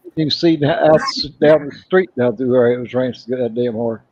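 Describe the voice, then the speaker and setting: A man's voice: medium pitch, brisk, no room sound. A plainspoken man who does his own livestreams. He chats casually and curses mildly. The sound is dry and dull, like a lo-fi feed. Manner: plainspoken, mild cursing. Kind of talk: casual chat.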